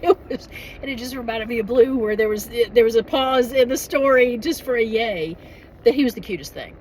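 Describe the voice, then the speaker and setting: A woman's voice: fairly high pitch, fairly quick, darkish tone, slight background noise, low-quality recording. A middle-aged woman chatting casually in a vlog, rambling with frequent restarts and laughs. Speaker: author and vlogger.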